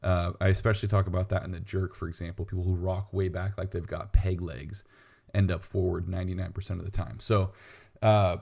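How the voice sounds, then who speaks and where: A man's voice: low-pitched, level tone, fairly quick, creaky, darkish tone. A man co-hosting a weightlifting podcast, explaining technique in casual chat with dry, teasing asides. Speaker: podcast co-host, weightlifting coach.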